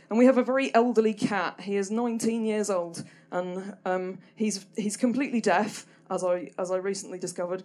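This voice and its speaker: 一位说话犹豫、略带英国口音的年轻女子在台上讲单口故事. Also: female voice, mid-range voice, darkish tone. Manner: hesitant, rambling, full of ums and restarts; dry self-deprecating humour. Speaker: stand-up performer. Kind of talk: stand-up storytelling. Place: small comedy venue stage.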